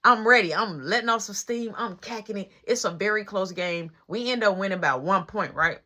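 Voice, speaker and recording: A woman telling a story in an animated, slangy way, acting out all the voices. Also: medium pitch, normal speed, a little hiss or hum. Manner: animated, slangy, acts out every voice. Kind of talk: casual storytelling.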